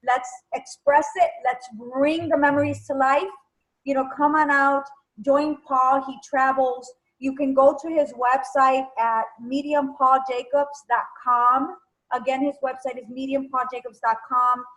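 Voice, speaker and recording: A woman hosting an interview, praising her guest warmly and plugging his events in a casual chat. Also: high voice, level tone, measured pace, rough recording. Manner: warm, effusive praise. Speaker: interview host.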